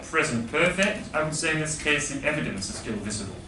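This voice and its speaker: A man's voice: fairly high pitch, animated, brisk. Man teaching a grammar class, echoey. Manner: patient, explaining, asks the class questions. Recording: echoey classroom, far from mic, background noise.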